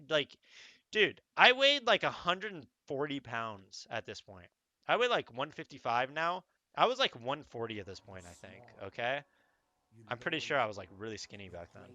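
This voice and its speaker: A young man spins a rowdy, profanity-laced story with a lively, bouncing pitch and a bright, forceful edge to his voice. He talks in a rambling casual way, tossing in little asides to the listener. The sound is dry and a bit dull, like a close home mic. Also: no room sound. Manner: animated, profane, rambling with frequent "okay?" asides. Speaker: streamer telling a story.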